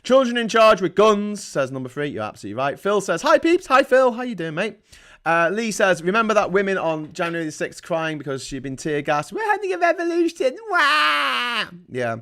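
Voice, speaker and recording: A man's voice: sits high, lively intonation, fairly quick, fairly bright tone. A man with a Liverpool accent hosting a casual livestream, reading viewer comments aloud and reacting in a blunt, sweary, rambling way. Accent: Liverpool (Scouse). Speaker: livestream host.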